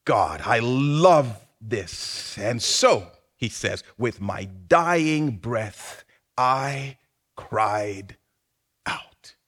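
A man preaching a sermon, swinging from hushed, drawn-out phrases to sudden shouts. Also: mid-range voice. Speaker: pastor.

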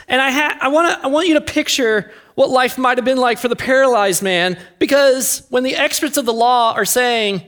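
A pastor delivering an earnest sermon, with emphatic swings in pitch and loudness. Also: moderate pace.

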